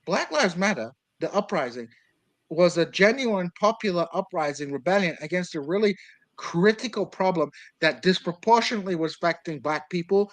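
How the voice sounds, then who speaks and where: A man of Kurdish background argues politics in long, winding stretches, full of fillers and restarts. His voice sits a little high for a man. The sound is dry and close, with no room around it. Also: lively intonation, moderate pace, no room sound, rough recording. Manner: discursive, argumentative, many fillers. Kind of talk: casual political discussion.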